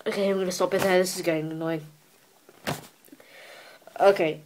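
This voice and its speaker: A teenage girl records a personal video diary on a handheld camera, speaking earnestly and emotionally, pleading and often pausing to restart. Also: lowish voice, steady tone, a little mellow, a little hiss or hum. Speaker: vlogger.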